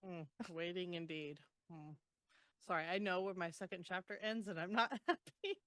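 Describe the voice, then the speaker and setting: A woman's voice: fairly low pitch, moderate pace, fairly bright tone, dry recording. A woman co-hosting a podcast, chatting casually about a novel, laughing often and filling with ums as she recaps. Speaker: podcast co-host. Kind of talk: casual book discussion.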